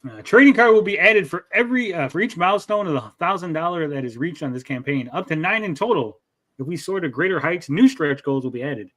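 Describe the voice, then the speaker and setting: Male host, slightly high pitch. Reads pitch copy aloud, keeps cutting in with crude jokes. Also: lively intonation, a little fast, fairly bright tone. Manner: reads promo text then breaks into crude joking asides. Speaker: livestream show host. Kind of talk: casual livestream chat, reading a crowdfunding pitch aloud.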